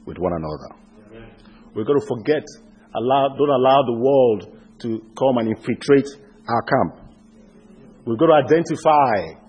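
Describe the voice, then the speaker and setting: A man preaching a sermon, swinging from loud emphatic declarations to hushed, intimate appeals. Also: medium pitch, slightly rough.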